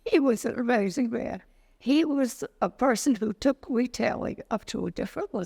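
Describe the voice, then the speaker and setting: This is an older woman speaking in an interview, and her voice carries a heavy, gravelly fry. She tells her memories as lively anecdotes and acts out the lines of the people in them. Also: on the high side, normal speed. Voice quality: creaky. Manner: lively anecdotal storytelling, acts out quoted dialogue. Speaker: interviewee, retired business owner. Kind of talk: storytelling interview.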